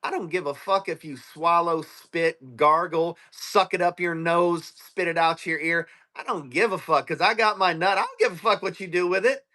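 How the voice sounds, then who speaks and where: A man in crude, profane casual chat on a livestream, telling stories and acting out quotes loudly. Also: fairly high pitch, normal speed, hardly any pauses. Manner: profane, storytelling, loud acted-out quotes.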